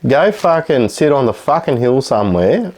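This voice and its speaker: A man's voice: medium pitch, sing-song, normal speed, darkish tone. A man with an Australian accent co-hosting a podcast, rambling and backing up his mate with frequent yeahs. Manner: backchannels a lot, rambling. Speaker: podcast co-host. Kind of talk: casual podcast chat.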